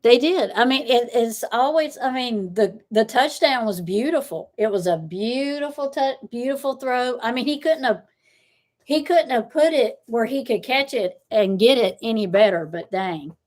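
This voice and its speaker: A woman's voice: fairly high pitch, animated, moderate pace, darkish tone. Chatty, laughing woman host. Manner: chatty, laughs often, frank and blunt. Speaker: tarot livestream host. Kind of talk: casual chat with viewers.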